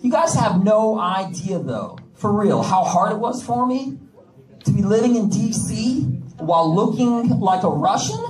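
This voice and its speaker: On a comedy club stage, a man with a high voice and big pitch swings does a brash stand-up set, joking with the crowd at an unhurried pace, his tone a little mellow. The echoey club is picked up by a distant mic, with the audience laughing in the background.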